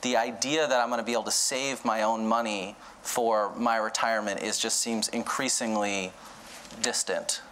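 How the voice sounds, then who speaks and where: A man's voice: lowish voice, steady tone, a bit bright, poor audio. Earnest male panelist, faint hiss. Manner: earnest, halting, uses many fillers. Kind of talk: panel discussion.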